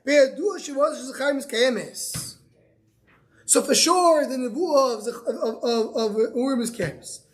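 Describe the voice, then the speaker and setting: A man's voice: very high-pitched, lively intonation, unhurried. A male rabbi giving a daily Talmud class. He reads each line of the Aramaic text and then explains it in English, often repeating words as he searches for the phrasing.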